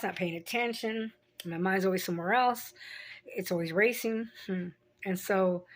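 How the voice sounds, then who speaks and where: A middle-aged woman vlogger telling personal stories in a frank, rambling way. She swears freely and laughs at herself. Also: medium pitch. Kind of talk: candid personal storytelling.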